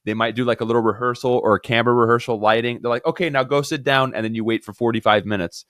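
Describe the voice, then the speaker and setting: A Miami man appearing as an actor guest in a casual interview races through animated anecdotes, acting out the dialogue. His voice is medium-pitched, and the studio sound is clean with no room sound.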